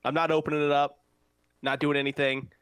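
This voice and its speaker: A man's voice: on the high side, little pitch movement, brisk, fairly bright tone, clear, resonant tone, dry recording. Laid-back, slangy man hosting a chat show. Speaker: podcast host. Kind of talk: casual banter.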